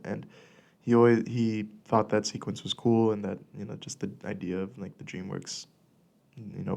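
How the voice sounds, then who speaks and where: A young man talks close into a podcast mic, rambling loosely with plenty of fillers and false starts. His low voice has a gravelly fry, and he sounds a bit congested from a cold. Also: a little mellow. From California. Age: young adult. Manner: rambling, filler-heavy with many likes and restarts. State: congested, clearing his throat. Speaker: podcast host. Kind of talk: casual solo podcast monologue. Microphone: studio podcast mic.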